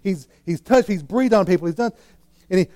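A male preacher delivers a sermon in a high-pitched, warm, mellow voice. He tells the story dramatically, acting out the characters and shifting between hushed asides and loud, excited bursts. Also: brisk. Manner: animated storytelling, acting out scenes with swings in loudness.

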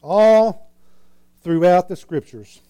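A male preacher delivers a sermon in a high-pitched, warm, mellow voice. He tells the story dramatically, acting out the characters and shifting between hushed asides and loud, excited bursts. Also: slow pace, clean tone. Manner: animated storytelling, acting out scenes with swings in loudness.

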